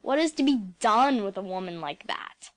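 A woman growling as a gruff, grumpy bachelor. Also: medium pitch, animated, normal speed, lightly acted. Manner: disagreeable and growling. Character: gruff, irritable middle-aged bachelor man.

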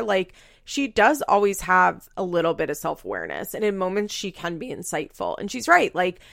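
A woman's voice: medium pitch, gravelly, a bit bright, no echo, studio quality. A woman chatting casually as she recaps a reality show, laughing often and saying "like" a lot. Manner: chatty, laughing, heavy use of "like".

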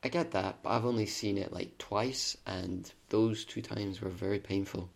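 A man's voice: lowish voice, steady tone, moderate pace, creaky. A man co-hosting a casual podcast chat, stumbling over words and joking at his own expense. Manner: stumbling, self-deprecating. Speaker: podcast co-host.

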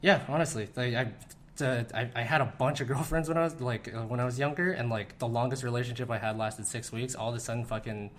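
A young man talking candidly as an interview guest, relaxed, with many fillers. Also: mid-range voice, fast talker. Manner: laid-back, lots of fillers, frequent "like". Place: room in the Philippines.

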